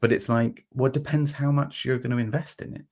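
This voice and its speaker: A man hosting a podcast, talking through an idea in a relaxed, meandering way, with lots of fillers and restarts and homely everyday examples. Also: mid-range voice, fairly quick. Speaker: podcast host. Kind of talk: reflective conversational explanation.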